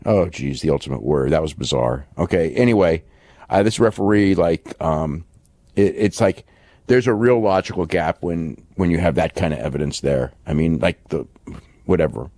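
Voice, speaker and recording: A very low-voiced man co-hosting a wrestling podcast, thinking out loud in a loose, rambling way. He stops and restarts his sentences often and leans on fillers. The sound is dry and close, with no room around it. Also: moderate pace, dry recording. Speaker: podcast co-host. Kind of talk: casual wrestling recap chat.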